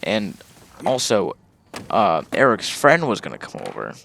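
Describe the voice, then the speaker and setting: A man's voice: on the low side, huge pitch swings, measured pace, creaky, a bit bright, a little hiss or hum. A young man telling a casual story about his own life, rambling along with fillers and swearing.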